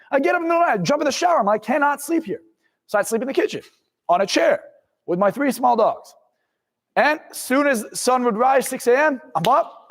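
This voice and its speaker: A young man in his twenties, a motivational speaker and hypnotist, telling his own life story in an intense, blunt way with some swearing. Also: very high-pitched. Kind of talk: personal life story told to camera. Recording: long reverb in the room.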